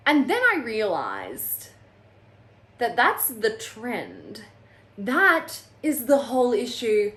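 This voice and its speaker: A woman's voice: medium pitch, fairly bright tone. A woman reviewing a book on her channel in a casual, sarcastic and exasperated way, often mocking the characters.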